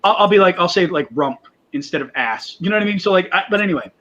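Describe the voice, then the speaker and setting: A man talking as a podcast guest in quick, rambling speech full of "like" and restarts. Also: sits high, animated, a bit bright, highs cut off. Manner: quick, rambling, filler-heavy talk. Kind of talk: casual chat.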